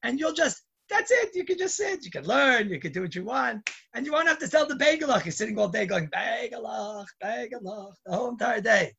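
A man telling stories to children in a lively, chatty, digressive way. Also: very high voice, fast talker, vocal fry, breathy edge, highs cut off. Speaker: storyteller. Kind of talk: casual storytelling to children.

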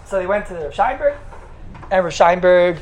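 A man who teaches in a yeshiva, telling stories in a lively talk and acting out the quotes. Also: sits high, normal speed. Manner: animated, acts out the quotes in his stories. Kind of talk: storytelling talk. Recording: echoey room with faint background noise.

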